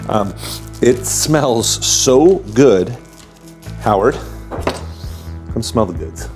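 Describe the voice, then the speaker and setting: Lively upbeat cooking-show host, man. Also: medium pitch, drawn-out words, pauses often, soft background music. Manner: chatty, upbeat, talks while cooking. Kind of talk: casual cooking demonstration.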